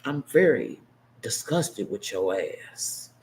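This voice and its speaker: A man in his fifties delivering an unscripted, emotional monologue as a vlogger, blunt and impassioned, swinging between heated outbursts and hushed, choked-up asides. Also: lowish voice, sing-song, takes it slowly, a little hiss or hum, low-quality recording. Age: 50s.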